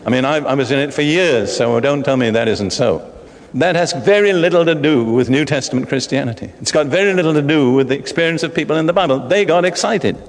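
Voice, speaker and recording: Emphatic older preacher in a hall. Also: male voice, on the high side, brisk. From Britain. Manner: emphatic, rising to excited bursts. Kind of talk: sermon. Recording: long hall reverb.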